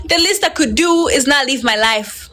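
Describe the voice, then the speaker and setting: A woman telling a story in a casual interview, excitable, switching between languages and laughing often. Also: high voice, moderate pace, very noisy.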